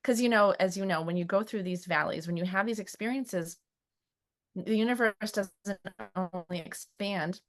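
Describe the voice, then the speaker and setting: A woman's voice: medium pitch, moderate pace. A middle-aged woman talking about her life in a podcast conversation, emotional and hesitant, with frequent restarts. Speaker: guest. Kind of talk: personal conversation and poem reading.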